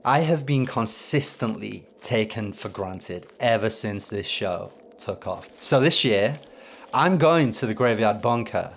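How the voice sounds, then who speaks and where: English male podcast host, deadpan and self-pitying, lowish voice. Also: unhurried, creaky, slight background noise. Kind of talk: sardonic comedic monologue.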